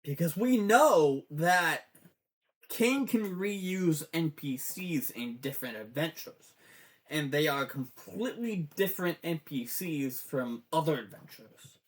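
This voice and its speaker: A fan talking through a cartoon series in a slow, unhurried ramble. The voice sits at an ordinary middle pitch and drifts between theories and heartfelt outbursts. Profanity comes often and easily. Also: lively intonation. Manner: rambling, swears often, gets teary. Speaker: fan commentator. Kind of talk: casual show breakdown.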